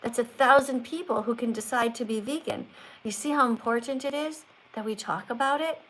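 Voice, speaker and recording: A woman's voice: a little high, fairly quick, fairly bright tone, slight background noise, rough recording. An older woman hosting a live stream, talking like a strict teacher who corrects and lectures. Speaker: livestream host.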